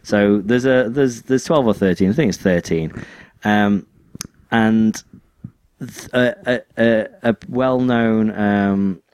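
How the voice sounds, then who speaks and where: A man co-hosting a podcast in casual chat, rambling and halting with restarts. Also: lowish voice, darkish tone, smooth, dry recording. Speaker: podcast co-host.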